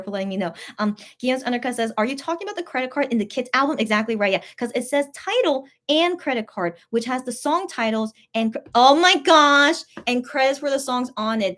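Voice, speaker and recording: A young woman hosting a casual livestream, reading viewer comments aloud and reacting with sudden loud outbursts and quiet mutters. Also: fairly high pitch. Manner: excitable, swings between loud outbursts and soft mutters. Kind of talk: casual live-stream chat.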